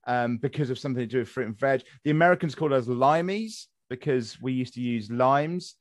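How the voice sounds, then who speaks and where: Young English male podcast host, chatty and rambling, mid pitch, dry close sound. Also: a little fast, no room sound. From England. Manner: rambling, with many fillers and restarts. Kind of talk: casual conversational chat.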